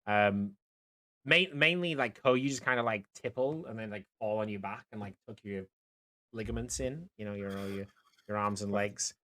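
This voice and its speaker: A man's voice: lowish voice, normal speed, sharp tone. A man narrating as game master for a tabletop game, talking loosely with lots of fillers and restarts. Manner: rambling, many fillers and restarts.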